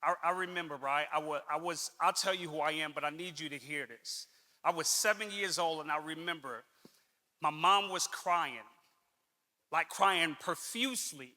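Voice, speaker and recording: A man's voice: fairly high pitch, pushed and bright, big-room sound. A middle-aged man telling a personal story as a motivational speaker, earnest and conversational, repeating lines for emphasis.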